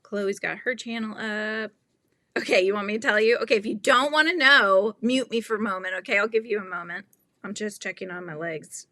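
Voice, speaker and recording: Giggly bright-voiced woman streamer. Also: mid-range voice, a little fast, dry recording. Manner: giggly, animated and chatty. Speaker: livestream host. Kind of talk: casual livestream chat while crocheting.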